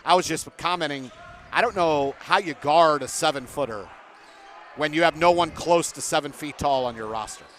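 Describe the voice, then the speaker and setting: A man's voice: a little high, normal speed, fairly bright tone. A man doing play-by-play for a basketball game from a broadcast booth, chatting with guests between plays. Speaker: play-by-play announcer.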